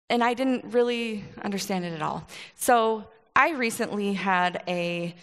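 A woman from Michigan delivers a relaxed, story-driven sermon, full of quick asides and easy laughter. Her voice sits in a middle register. A long reverb trails each phrase, as if she is speaking in a large church hall. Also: medium pitch. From Michigan, USA. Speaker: preacher. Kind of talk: conversational sermon.

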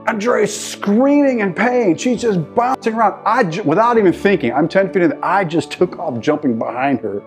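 A middle-aged man preaching a sermon with passion, swinging from loud, urging calls to hushed, intense storytelling. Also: sits high. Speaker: pastor.

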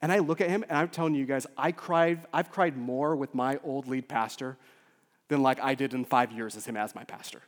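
A man, a lead pastor, preaching a sermon with emotional swings from loud urgency to soft near-whispers. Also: medium pitch, moderate pace. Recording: long hall reverb.

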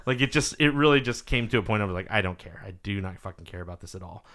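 A podcast host with a lowish voice talks fast, telling stories in casual chat. He's an animated storyteller who swears freely and acts out what people said.

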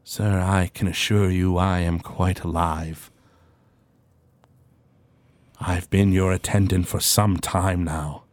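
A formal, evasive manservant speaks slowly and politely, as a game master puts him on. His voice sits low and the sound is dry and close. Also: steady tone, dry recording. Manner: measured, formal. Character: calm formal male attendant, polite and evasive.

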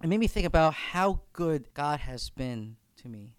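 A man's voice: on the high side, lively intonation, moderate pace, clean tone, no echo. A man leading a reflective faith discussion as campus minister, speaking earnestly and often repeating words as he thinks aloud.

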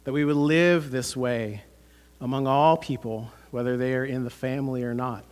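A man's voice: mid-range voice, fairly even intonation, normal speed, darkish tone. A man, preaching a sermon as pastor, earnest and conversational with many fillers.

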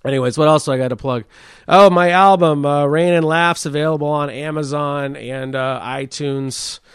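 A man's voice: fairly high pitch, fairly even intonation, moderate pace, a bit bright, clean tone, dry recording, clean studio sound. A man hosting his own comedy podcast, rambling and swearing freely as he riffs on news stories and his week. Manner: crude, rambling, swears often, laughs at himself. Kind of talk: casual solo podcast commentary.

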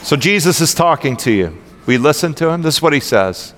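A man's voice: fairly high pitch, animated, brisk, background noise. A man preaching a sermon as pastor, casual and joking, talking to his church. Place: church sanctuary. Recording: long hall reverb.

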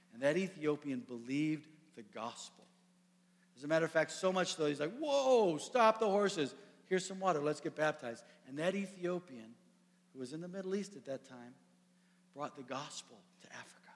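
A man preaching a sermon, animated and storytelling, acting out the characters. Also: a little high. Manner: animated storytelling, acts out voices. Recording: echoey hall.

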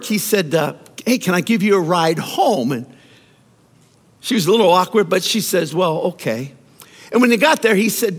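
Male pastor, high and very animated, mid-sermon storyteller; long hall reverb. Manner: animated storytelling preacher with repeated words.

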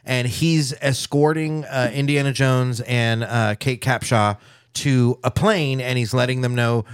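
A man in a loose podcast conversation who laughs often and drops swear words as he tells rambling stories. His voice sits at a middle pitch and is recorded dry and close. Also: fairly even intonation, unhurried, clean tone, no room sound. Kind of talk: casual podcast chat.

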